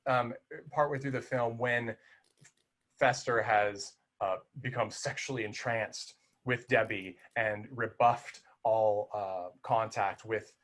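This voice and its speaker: A man's voice: fairly low pitch, steady tone, takes it slowly, a bit bright. A man co-hosting a film podcast, talking casually and with animation, full of restarts and fillers. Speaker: podcast co-host.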